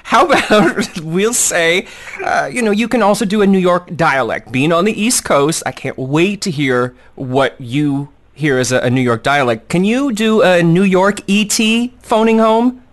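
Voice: medium pitch, lively intonation, unhurried. An interview host asking long, rambling questions in a joking, playful way. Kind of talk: casual interview.

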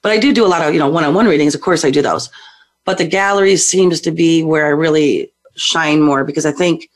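A woman's voice: deep voice, a little fast. A woman guest on a talk show, a psychic medium telling her story in a hyper, rowdy, chatty way. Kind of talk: casual talk show interview.

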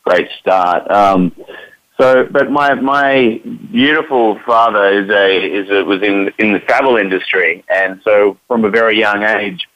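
Upbeat Australian man, low voice. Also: measured pace, fairly bright tone, no room sound. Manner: upbeat, repeats words while thinking. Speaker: guest, actor. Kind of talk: interview answers. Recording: dull lo-fi, dry sound.

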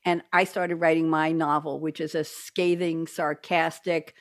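Lowish voiced woman host rambling happily on a video call from her desk. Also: flat delivery, measured pace. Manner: chatty, digressive, laughs often. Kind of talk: casual chat on a video call. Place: home desk. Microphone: desk microphone on a video call.

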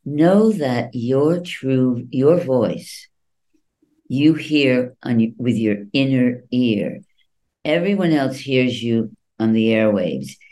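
Male voice coach guest, unhurried, acts out quoted voices, dark mellow timbre. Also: mid-range voice, expressive, low-quality recording. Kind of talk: interview answers.

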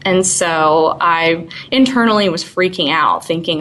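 A woman's voice: fairly low pitch, moderate pace, hardly any pauses, pushed and bright, rough recording. A woman in her twenties telling her story as an interview guest, chatty with frequent little laughs and fillers.

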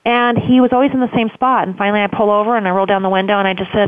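A woman's voice: medium pitch, steady tone, very fast, hardly any pauses, no echo. A woman who runs a homeless shelter, telling a story earnestly in an interview, with many fillers. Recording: tinny phone line, dry.

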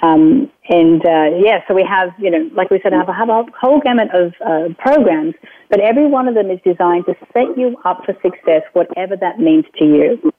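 Woman, lowish voice, tinny phone line, dry, rambling, lots of fillers. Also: brisk, no echo. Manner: rambling, many fillers and restarts. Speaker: guest, self-help program creator. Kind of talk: conversational interview over a phone line.

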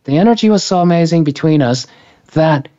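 A man's voice: on the high side, animated, fairly quick, warm tone. A man telling a personal story in an interview, rambling with many restarts and self-corrections. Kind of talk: conversational storytelling. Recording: dull lo-fi recording.

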